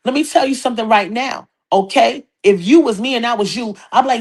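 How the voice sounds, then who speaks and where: A middle-aged woman hosting a hip hop gossip show, brash, profane and animated, talking straight to viewers. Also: a little high, quick pace, few pauses. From New York City, Queens. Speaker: podcast host.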